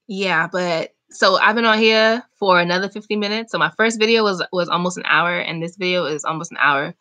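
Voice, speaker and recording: A young woman chatting casually on a live stream, reading and answering viewer comments in an animated, talkative way. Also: on the low side, brisk. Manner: chatty, animated, talks back to chat comments. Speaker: vlogger hosting a live chat.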